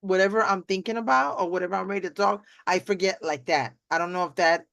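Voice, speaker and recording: A middle-aged woman hosting a live video chat, rambling warmly with many restarts and acted-out quotes. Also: fairly low pitch, fast, creaky, no echo, highs cut off. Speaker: host. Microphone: video call.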